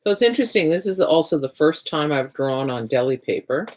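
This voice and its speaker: A woman's voice: sits low, expressive, fast. A woman hosting a livestreamed art party, chatting casually as she draws, often restarting her sentences and muttering to herself while she works.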